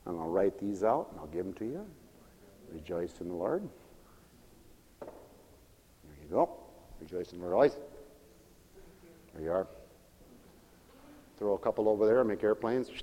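A male preacher giving a sermon, moving from quiet asides to fervent, drawn-out shouted proclamations. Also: sits low, lively intonation, lo-fi sound. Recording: long reverb of a large hall.

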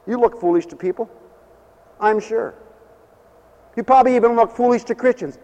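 A man's voice: very high voice, moderate pace, warm tone, muffled recording. A middle-aged or older man preaching a folksy, joking sermon that rises into fervent hallelujahs. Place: church mission hall. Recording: echoey hall.

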